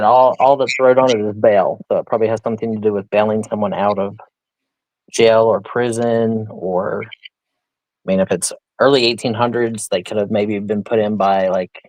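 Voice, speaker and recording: A man's voice: lowish voice, fairly even intonation, normal speed, darkish tone, no echo, poor audio. Chatty man hosting a live auction. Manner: chatty, thinking aloud, joking. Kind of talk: casual live-stream selling.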